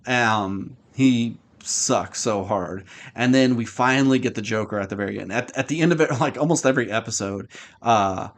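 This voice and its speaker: A man's voice: mid-range voice, normal speed. Rambling sarcastic male podcast host. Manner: rambling, sarcastic, lots of fillers. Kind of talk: casual chat review.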